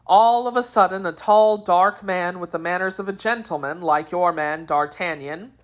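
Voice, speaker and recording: A woman voicing a sly young musketeer spinning a careful story in a storybook reading. His delivery is smooth and guarded, sitting in her rather low register. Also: moderate pace, lightly acted. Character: sly young male musketeer telling a tale.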